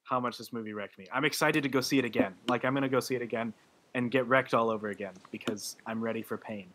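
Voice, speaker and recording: A man's voice: medium pitch, steady tone, quick pace, fairly bright tone, a little hiss or hum. A man co-hosting a movie podcast, talking in an emotional, laughing way in casual chat. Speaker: podcast co-host.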